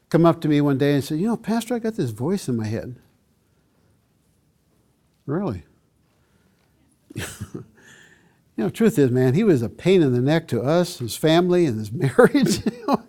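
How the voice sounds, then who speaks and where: A man's voice: a little high, mellow. An older man, a pastor, giving an earnest, emphatic teaching talk to a church audience, with frequent asides to his listeners.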